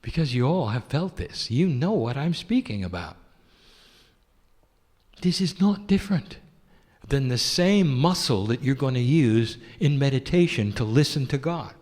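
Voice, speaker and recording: A man channeling an ancient loving spirit entity that addresses listeners tenderly, asking rhetorical questions and chuckling softly. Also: medium pitch, animated, measured pace, close to an everyday voice. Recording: long hall reverb.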